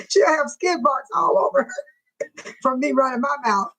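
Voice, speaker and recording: A woman's voice: high-pitched, lively intonation, normal speed, a bit bright, rough recording. A woman hosting a casual live stream, greeting viewers by name and reading out their comments, often laughing and teasing.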